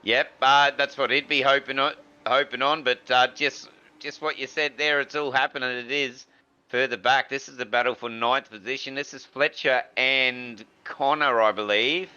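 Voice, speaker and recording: A male co-commentator with a very bright, sharp voice at a middle pitch. His audio sounds dull and lo-fi, like a remote mic feed. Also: normal speed, clean tone. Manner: relaxed, with many fillers and restarts. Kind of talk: sim racing commentary.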